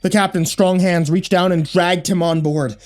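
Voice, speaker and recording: A man narrating a horror story in a low, hushed, dramatic way. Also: fairly even intonation, moderate pace.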